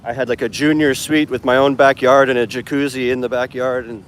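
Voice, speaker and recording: Walking outdoors along a city street, a man streams live from the phone camera in his hand. He's an English teacher and vlogger with a steady, mid-range voice, talking a little fast in a rambling, filler-heavy way, and there's slight hiss or hum.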